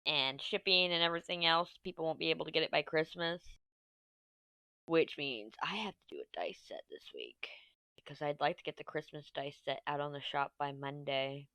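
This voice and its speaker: A woman vlogging casually while she crafts, chatty and self-mocking, thinking her plans out loud. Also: lowish voice, clear, resonant tone, no echo.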